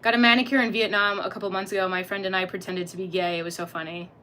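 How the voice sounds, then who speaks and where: A woman's voice: mid-range voice, flat delivery, racing, sharp tone, slight background noise. A young woman hosting a casual livestream, reading chat aloud, laughing often and swearing freely as she chats playfully.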